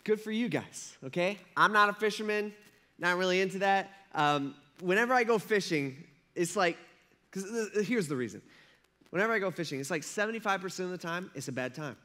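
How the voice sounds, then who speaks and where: Male pastor, conversational sermon delivery, playful and animated, higher-pitched voice. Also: fairly quick. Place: church service.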